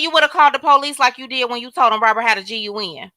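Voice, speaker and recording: Woman livestream host, high bright voice, casual commentary, dry close mic. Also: rapid-fire, dry recording. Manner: animated, talks straight to viewers, reads out chat names.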